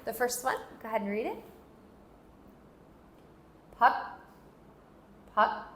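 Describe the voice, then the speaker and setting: A woman's voice: a little high, lively intonation, slow pace, sharp tone. A woman teaching a phonics lesson, patiently modeling sounds and asking learners to repeat after her. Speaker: language teacher. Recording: echoey room with faint hiss.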